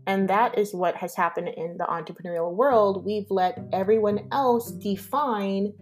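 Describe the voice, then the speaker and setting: A woman's voice: medium pitch, normal speed, soft background music. A woman hosting her podcast in a candid, emphatic solo monologue that often acts out dialogue. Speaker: podcast host.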